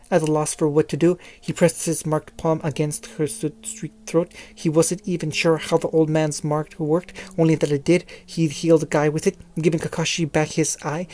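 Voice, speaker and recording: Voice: mid-range voice, warm tone. A narrator reading a fan fiction story aloud, often stumbling and restarting phrases.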